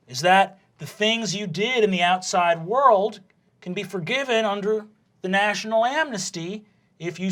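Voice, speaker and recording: Man playing a gruff middle-aged coach, folksy, lively pitch, lecturing, tabletop game.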